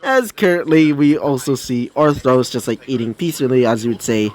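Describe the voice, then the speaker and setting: A man's voice: mid-range voice, animated, fairly quick, a little mellow. A man improvising a fan story as narrator, rambling with many fillers and self-corrections.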